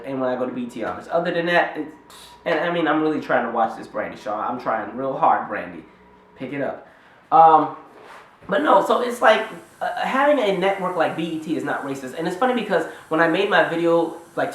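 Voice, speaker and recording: Fast-talking sarcastic man ranting. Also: fairly high pitch, fairly bright tone, echoey room. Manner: sarcastic, fired-up, talks straight to viewers. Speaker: vlogger. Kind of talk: casual commentary rant to camera.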